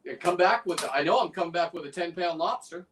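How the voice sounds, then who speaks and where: A man's voice: high voice, brisk, a bit bright, recorded from a distance, a little hiss or hum. A man in casual chat, rambling and talking through a demonstration as he works. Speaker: guest on a fishing livestream, lobster preparer. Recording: away from the mic.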